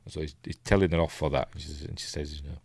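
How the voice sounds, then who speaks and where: A man's voice: extremely low pitch, steady tone, racing, vocal fry, darkish tone, breathy edge, dry recording, studio quality. A man with a Yorkshire accent hosting a casual live film commentary, rambling and hesitant with lots of ums and restarts, chuckling at his own asides. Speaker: film reviewer hosting a live watch-along.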